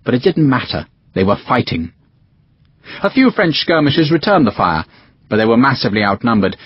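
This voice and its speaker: Male audiobook narrator, lively pitch, husky, dry and slightly muffled recording. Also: no echo. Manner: expressive storytelling with varied pitch. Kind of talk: scripted narration.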